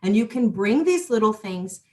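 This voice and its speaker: Chatty, animated woman hosting a talk show. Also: medium pitch, normal speed. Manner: chatty and animated, with lots of restarts and asides to the audience. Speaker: host. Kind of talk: casual spiritual talk show chat.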